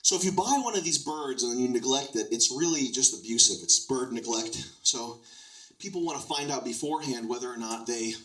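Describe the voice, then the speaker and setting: Deadpan rambling stand-up comic man. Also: medium pitch, brisk, hardly any pauses, reverberant, far from the mic, poor audio. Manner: deadpan absurd storytelling, rambling. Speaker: stand-up comedian. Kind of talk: stand-up comedy.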